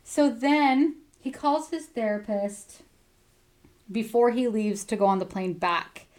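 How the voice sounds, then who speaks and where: Young woman gushing over a book, giggly, kinda high voice. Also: slow pace, a little mellow. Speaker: book podcast host. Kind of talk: casual book recap chat.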